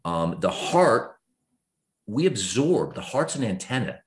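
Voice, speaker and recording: A man in his fifties, a guest author, talking earnestly and reflectively in a podcast conversation. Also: slow. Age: 50s. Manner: earnest, reflective, lively swings in pitch when explaining.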